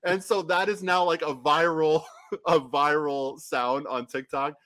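A man co-hosting a soccer podcast, rambling in a casual chat with frequent restarts and quick laughs. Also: fairly high pitch, steady tone, a bit bright, no room sound. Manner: rambling, restarts often, laughs between phrases. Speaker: podcast co-host.

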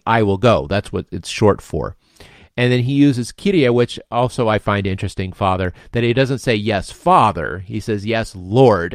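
Lower-voiced man in relaxed scripture talk. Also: no echo, studio quality. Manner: conversational, thinking aloud with fillers. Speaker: co-host. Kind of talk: Bible study discussion.

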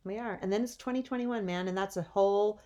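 A woman's voice: medium pitch, fast talker, mellow. A woman in her thirties co-hosting a casual podcast, joking and sarcastic. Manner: joking, sarcastic, acts out kids' whiny voices. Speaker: podcast co-host. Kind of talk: casual chat.

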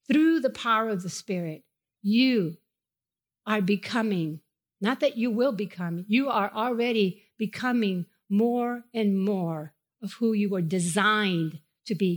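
A woman with a Spanish accent preaches a sermon in a chapel. Her voice sits a little high, and she drives each point home by repeating phrases with emphasis. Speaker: pastor. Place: church chapel.

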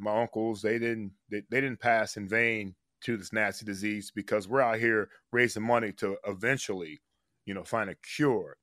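A man giving a casual radio interview as a guest, earnest and heartfelt, his voice dropping softer on serious points. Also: mid-range voice, no room sound, clean studio sound. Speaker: guest, former player.

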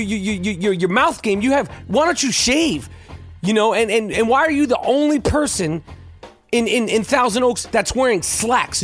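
A man hosting his own podcast, ranting in a brash, animated way, cursing and stumbling over repeated words. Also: high-pitched. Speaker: podcast host. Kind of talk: profane rant.

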